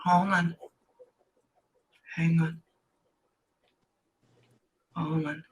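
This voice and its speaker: A woman working as a medium in a casual reading, talking in halting bursts and often breaking off to say hang on. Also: sits low, little pitch movement. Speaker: psychic medium. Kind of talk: casual one-on-one reading session.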